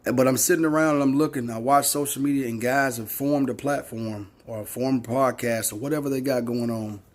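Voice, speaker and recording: A man's voice: mid-range voice, steady tone, fairly quick. A man in his forties giving a blunt, preachy opinion monologue, repeating his points for emphasis and swearing freely. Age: 40s. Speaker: social media commentator.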